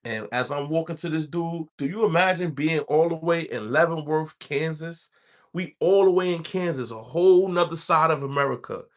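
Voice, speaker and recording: A man's voice: on the high side, normal speed. A man from the Bronx with a New York accent, telling a rambling street story in casual talk. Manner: streetwise, rambling, acts out quoted voices.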